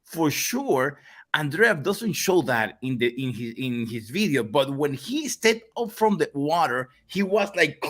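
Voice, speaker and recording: A man from the Republic, hosting a casual chat in an animated, rambling way that often breaks off mid-thought. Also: a little high, measured pace. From Dominican Republic. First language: Spanish. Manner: animated, rambling, self-interrupting. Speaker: podcast host. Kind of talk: casual conversation.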